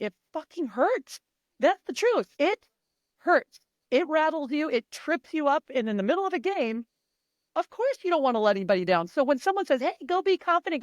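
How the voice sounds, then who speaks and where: A woman coach with a fairly high voice speaks with emphatic, animated energy. She swears freely and slips into the voices of her athletes, recorded close and dry with no room sound. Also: no echo. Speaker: mindset and performance coach. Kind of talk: guest in a sports interview.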